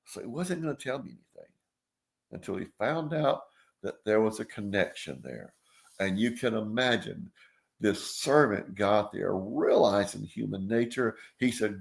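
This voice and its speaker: A man preaching a sermon in a folksy way, acting out the people in his stories and swinging from loud to hushed. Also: medium pitch, expressive, moderate pace, gravelly. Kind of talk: sermon with storytelling.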